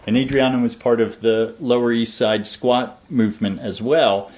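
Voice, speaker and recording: A man giving long, measured, lecturing answers as a permaculture designer in an interview. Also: medium pitch, fairly even intonation, background noise.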